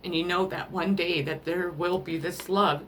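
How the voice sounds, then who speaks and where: A woman doing a spiritual card reading, emotional and rambling, often pausing to apologize as she talks to the listener about love. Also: fairly low pitch, steady tone, fairly bright tone, a little hiss or hum. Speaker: tarot card reader.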